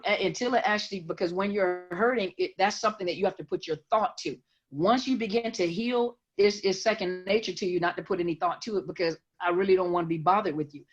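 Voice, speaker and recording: A woman counselor giving emphatic explanations in an interview, often repeating words as she builds her point. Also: medium pitch. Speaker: guest counselor. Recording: dull lo-fi audio.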